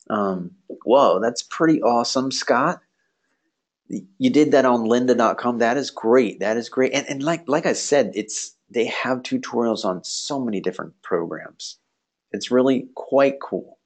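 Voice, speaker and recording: A man's voice: mid-range voice, unhurried. A man with a nasal voice, teaching a live online class in a casual, rambling way with lots of fillers. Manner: casual, rambling, friendly, frequent fillers and laughs. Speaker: online course instructor. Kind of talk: live virtual class session.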